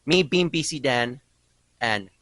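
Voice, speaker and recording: A man hosting a casual podcast, his voice bright and a touch high. He swings widely in pitch as he spins a story with theatrical mock outrage, and the sound is close and dry. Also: expressive, slow, dry recording, poor audio. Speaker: podcast host.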